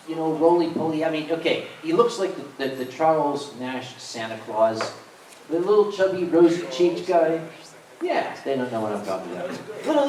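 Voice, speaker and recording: Animated Southern man telling stories in a roomy hall. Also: medium pitch. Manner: animated, comic storyteller. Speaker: convention staff panelist. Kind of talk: storytelling to a live panel audience. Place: convention panel room. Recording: roomy hall, distant, faint noise.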